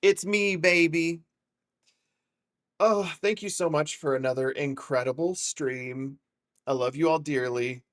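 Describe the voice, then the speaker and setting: A man's voice: mid-range voice, normal speed. A man casually commentating a live game stream, joking with chat and swearing freely. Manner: playful, profane, joking with chat.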